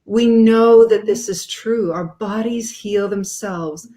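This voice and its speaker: A woman's voice: medium pitch, slow, warm tone. A woman speaking as a guest author in an interview, explaining her ideas in an earnest way.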